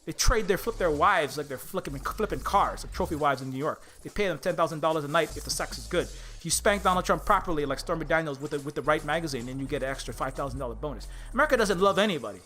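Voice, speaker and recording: A man's voice: on the high side, lively intonation, quick pace, pushed and bright, a little hiss or hum. A man ranting angrily on a livestream, swearing often and stumbling over his words with repeated restarts. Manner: angry, profane, stammering restarts. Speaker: indie game developer streaming live. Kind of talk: heated political rant on a livestream.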